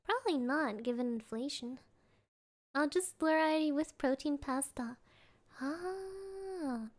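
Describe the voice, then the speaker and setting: A woman's voice: sits high, expressive, takes it slowly. A young woman streamer chatting casually and playfully, giggling as she answers her chat.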